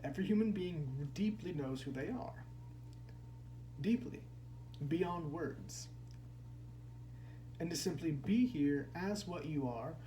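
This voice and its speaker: A man giving a contemplative spiritual discourse as a teacher, unhurried and repeating key phrases for emphasis. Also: fairly high pitch, mellow, slight background noise.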